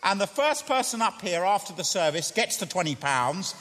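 A man preaches a sermon in an earnest, questioning way, repeating his key phrases. His voice sits high and swings widely in pitch. The sound carries a long church reverb. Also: sing-song, normal speed, a bit bright.

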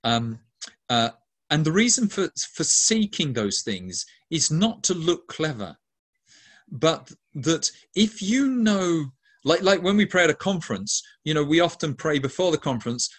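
A man's voice: a little high, animated, moderate pace, a bit bright. Earnest man describing his ministry. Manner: earnest, repetitive restarts, emphatic lists of words. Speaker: ministry leader. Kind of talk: interview answer.

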